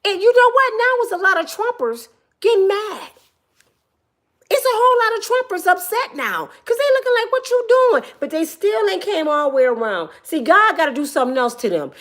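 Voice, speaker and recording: Animated high-voiced woman, impassioned rant. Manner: emphatic, preachy, repeats words for stress. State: tearful. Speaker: commentary vlogger. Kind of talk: impassioned commentary monologue.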